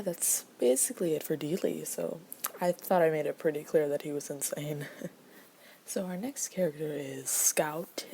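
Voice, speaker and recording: A woman's voice: sits low, gravelly, warm tone, a little hiss or hum. A woman casually explaining a casting call to voice actors, rambling with many fillers and often dropping to a near-whisper.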